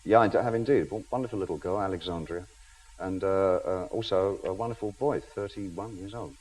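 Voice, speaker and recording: A man's voice: low-pitched, fairly quick, darkish tone, poor audio. A man in his fifties, a chat show guest in a television studio, telling self-mocking anecdotes and laughing through them. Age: 50s.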